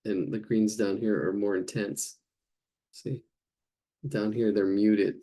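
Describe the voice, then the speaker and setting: A man's voice: fairly low pitch, flat delivery, takes it slowly, dark tone. A man teaching a live painting class, thinking aloud as he works and searching for words. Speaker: art instructor.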